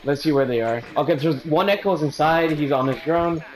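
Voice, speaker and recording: A man's voice: fairly high pitch, a little fast, slight background noise, low-quality recording. Young man joking over game chat. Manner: joking, profane, calls out enemy positions. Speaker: gamer calling out plays.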